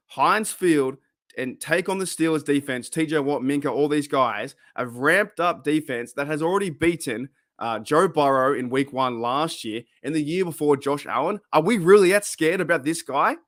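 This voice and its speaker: A man hosting a fan livestream. He chats casually, rambles and gets excitable, greeting viewers by name. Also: on the high side, normal speed, no room sound, clean studio sound. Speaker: host of a fan podcast livestream.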